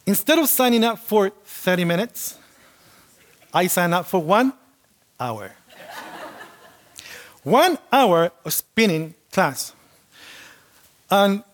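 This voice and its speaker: A man delivers a sermon, telling a personal story in an animated way and acting out the voices of the people in it. His voice sits a little on the high side for a man. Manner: animated storytelling, acts out quotes. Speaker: preacher.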